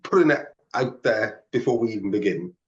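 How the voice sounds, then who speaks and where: A man's voice: lowish voice, animated, brisk. A man co-hosting a podcast, making emphatic, wry points in casual chat. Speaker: podcast co-host. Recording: roomy, dull lo-fi remote audio.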